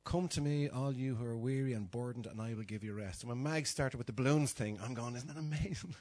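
Older Dublin Irish man, mid-pitched voice, for a chatty, joking informal sermon to a congregation. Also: brisk, a little mellow. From Dublin, Ireland. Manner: chatty and self-mocking, acts out little dialogues. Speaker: preacher. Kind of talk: informal sermon with humorous stories.

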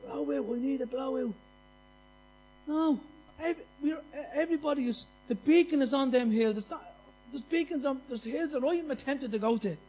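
High-voiced preacher. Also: male voice, normal speed, dark tone, faint music behind. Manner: passionate, repetitive, conversational preaching with anecdotes. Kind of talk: sermon.

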